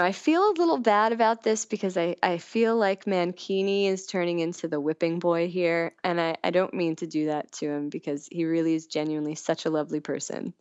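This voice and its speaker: A woman with a fairly low voice chats candidly, giggling through her stories and acting out the dialogue. The sound is dry and close, with a slightly dull, lo-fi quality. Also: darkish tone, clear, resonant tone, no echo. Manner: giggly storytelling, acts out quoted dialogue. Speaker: podcast guest. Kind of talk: candid casual chat.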